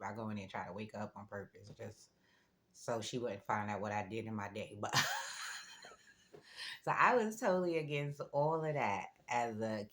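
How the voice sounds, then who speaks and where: Very deep-voiced woman chatting casually. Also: a bit bright. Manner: chatty, storytelling, with frequent asides and laughs. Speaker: vlogger. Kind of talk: casual spiritual monologue.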